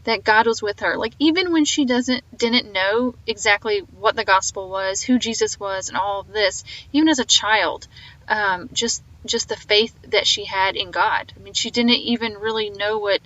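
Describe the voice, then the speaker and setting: A woman's voice: mid-range voice, normal speed, a bit bright, muffled recording. A woman hosting a faith podcast with a slight Southern twang, talking earnestly and rambling a little as she reflects on an interview. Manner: earnest, rambling, full of fillers. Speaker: podcast host.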